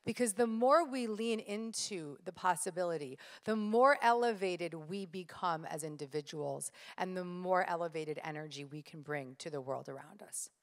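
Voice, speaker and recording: Woman, motivational speaker, live audience talk, lively storytelling, reverberant hall. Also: fairly low pitch, moderate pace, hardly any pauses. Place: stage in a large hall.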